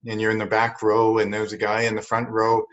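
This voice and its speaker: A man's voice: on the low side, completely flat delivery, a little fast, fairly bright tone. Earnest man, dull lo-fi sound. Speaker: podcast co-host. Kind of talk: casual conversation, storytelling.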